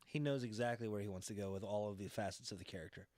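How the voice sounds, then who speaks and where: Animated man chatting about wrestling. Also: fairly low pitch, very fast, no room sound, clean studio sound. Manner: animated, acts out wrestlers' lines. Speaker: podcast co-host. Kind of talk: casual wrestling chat.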